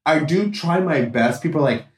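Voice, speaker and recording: A man's voice: on the high side, expressive, normal speed. A man chatting casually as a podcast guest, rambling with many fillers and frequent laughs. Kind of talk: casual chat. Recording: echoey room.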